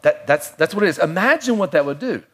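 A middle-aged man preaching a sermon in a conversational way, with playful asides and quiet, reflective stretches. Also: high-pitched, expressive, fast talker, breathy edge. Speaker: pastor.

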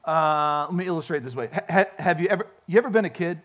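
A male pastor preaching a sermon, folksy and animated, telling stories with frequent restarts. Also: a little high, a little slow, pauses often, slightly rough, muffled recording. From grew up on a farm.

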